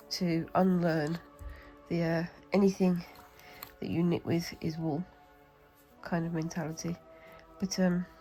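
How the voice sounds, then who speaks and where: Gravelly British woman chatting while crafting. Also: lowish voice, warm tone, low-quality recording. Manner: chatty and rambling, talks to herself while working. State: has a cold. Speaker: craft vlogger. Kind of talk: casual demonstration while crafting.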